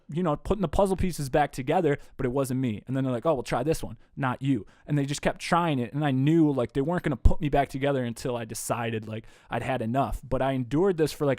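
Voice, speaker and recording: A man, a podcast guest, telling a story in a casual, animated way, swearing freely. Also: medium pitch, no echo, clean studio sound. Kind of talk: casual conversation. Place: indoor room.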